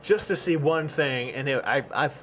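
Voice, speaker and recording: A man trading quick profane jokes and ribbing in casual chat. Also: on the high side, fairly bright tone, slight background noise. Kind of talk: casual banter.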